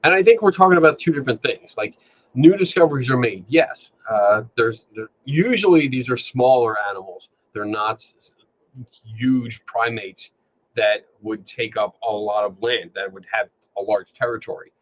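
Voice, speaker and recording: A man's voice: medium pitch, lively intonation, moderate pace. A man hosting a podcast, chatting casually with many fillers and restarts, with a Philadelphia accent. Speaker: podcast host. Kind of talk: casual chat. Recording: dull lo-fi sound.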